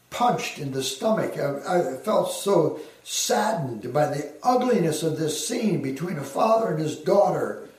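A man's voice: a little high, a little mellow. Earnest male pastor preaching in an echoey hall. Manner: earnest, emphatic preaching with slow, weighty phrases. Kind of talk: sermon. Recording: very echoey hall, heard from a distance.

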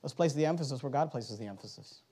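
A man preaching a sermon, reading scripture aloud and swinging between loud, emphatic exhortation and low, urgent asides. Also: lively intonation, quick pace, slightly rough.

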